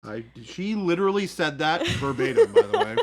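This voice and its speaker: Playful streamer host, very animated pitch, casual banter over a painting session. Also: moderate pace, a crowd in the background. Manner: playful, jokey, slips into silly voices; thinks aloud while painting. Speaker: livestream host painting miniatures.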